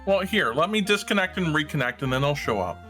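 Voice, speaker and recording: A man's voice: a little high, expressive, quick pace, sharp tone, faint music behind. A man co-hosting a streamed variety show, joking dryly in casual chat.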